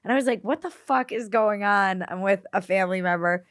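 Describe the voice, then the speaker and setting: A woman hosting a casual podcast, telling stories expressively, swearing and acting out what people said. Her voice sits at a middle pitch. The recording is dry and close, with no room echo. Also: fairly quick. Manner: expressive, swearing, quotes people in lively retellings. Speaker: podcast host.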